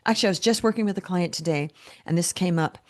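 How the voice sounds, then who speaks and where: A woman's voice: on the low side, fast, darkish tone. A woman in her fifties, a business coach being interviewed, telling stories in a rambling way with many restarts. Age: 50s or older. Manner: rambling storyteller, many restarts and quoted self-talk. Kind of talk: interview conversation.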